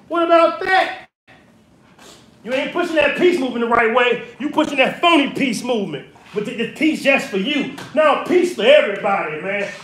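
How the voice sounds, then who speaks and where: A very high, bright-voiced man from California talks on a casual livestream, preaching and hammering the same points over and over. He is recorded on a phone held some way off in a home kitchen, so the sound is very echoey and distant. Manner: preachy, repetitive, emphatic. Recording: very echoey room, voice far off.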